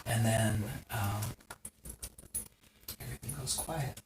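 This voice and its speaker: A game master narrating a tabletop game in an unhurried way with frequent "um"s, heard in a noisy live stream. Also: medium pitch, roomy sound, distant mic.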